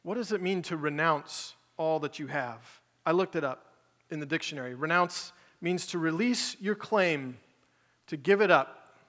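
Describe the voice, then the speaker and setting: A man's voice: on the high side, measured pace, fairly bright tone, in a large hall. A man preaching a sermon in a conversational way, paraphrasing Jesus and his listeners in casual speech. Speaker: pastor.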